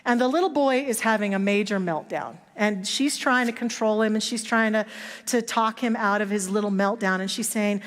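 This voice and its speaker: A woman's voice: mid-range voice, moderate pace. Woman preaching in a reverberant church. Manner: storytelling, acts out quoted voices. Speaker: minister. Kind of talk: sermon. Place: church sanctuary. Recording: long hall reverb.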